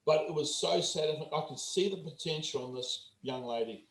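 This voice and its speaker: A man's voice: fairly high pitch, moderate pace. Blunt, swearing New Zealand man. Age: 40s. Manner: blunt, profane, animated storyteller. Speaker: guest performance coach. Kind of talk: casual interview storytelling. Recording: roomy echo.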